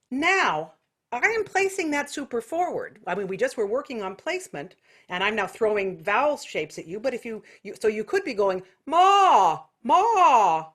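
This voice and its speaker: An American woman teaching an online singing lesson, explaining technique and breaking into loud nasal vocal exercises. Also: a little high, very animated, normal speed. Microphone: video call.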